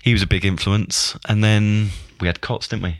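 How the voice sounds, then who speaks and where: A man, a football coach and former player, speaking reflectively as a podcast guest in casual chat, often halting and repeating words. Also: on the low side, fairly even intonation, dry recording, clean studio sound. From England.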